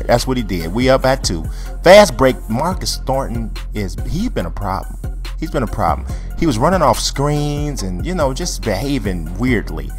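Male gamer commentator, very lively pitch, playful trash talk, faint music bed. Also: moderate pace. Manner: animated, joking, trash-talking the players. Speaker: gameplay commentator. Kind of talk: casual play-by-play commentary over a video game.

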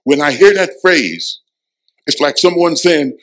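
Emphatic preaching pastor, lively pitch. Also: male voice, a little slow, low-quality recording. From Florida. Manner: emphatic preaching, swings from hushed to loud; repeats lines for emphasis. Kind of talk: sermon. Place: church sanctuary.

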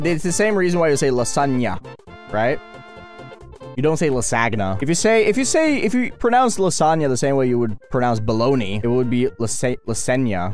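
A young man streaming a game, ranting in a rambling, profane, animated way as he plays. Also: a little high. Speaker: gaming streamer. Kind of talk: casual commentary while playing.

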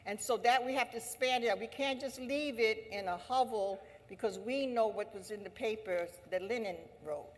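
A woman's voice: fairly high pitch, moderate pace, few pauses. A woman giving an impassioned rally speech at an assembly, with a fervent, repetitive, preaching cadence. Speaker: speaker at an anti-imperialist assembly. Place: large hall. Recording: reverberant hall sound.

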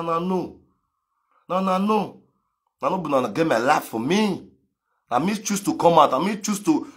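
Man, Nigerian Pidgin accent, bright forceful voice, slightly high, live social media rant. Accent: Nigerian Pidgin English. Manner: emphatic, repetitive, swings between shouting and muttering.

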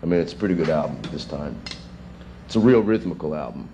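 A man in his thirties, a session drummer, answering students' questions in a rambling, animated way with chuckles, in a music school classroom. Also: rumbling low, fast, slight background noise. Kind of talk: casual Q&A with students.

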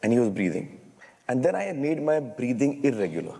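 A man, telling animated stories as a guest in an interview. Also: mid-range voice, brisk, creaky, breathy edge. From India. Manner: animated, acts out dialogue while telling stories. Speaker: guest filmmaker. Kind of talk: storytelling in an interview. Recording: long reverb in a hall.

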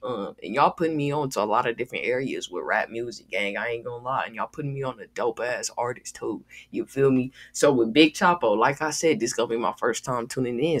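A man hosting a music reaction video, talking casually in a slangy, laid-back way. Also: medium pitch. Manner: slangy, laid-back, peppers talk with "bro" and "gang".

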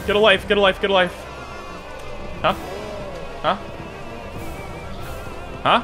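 A young man giving live gameplay commentary, swinging between low mutters and panicked yelps and shouts. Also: lively intonation, normal speed, pauses often, over music. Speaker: gaming YouTuber.

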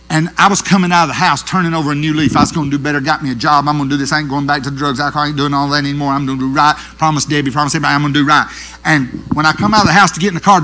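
A middle-aged man, preaching a sermon with animated storytelling that swings from loud to hushed. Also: mid-range voice, a little hiss or hum.

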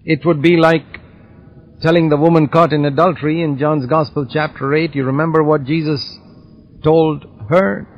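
Man giving a measured Bible lesson. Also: a little high, steady tone. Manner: measured, illustrative teaching. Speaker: Bible teacher. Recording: slightly dull audio, faint background hiss.

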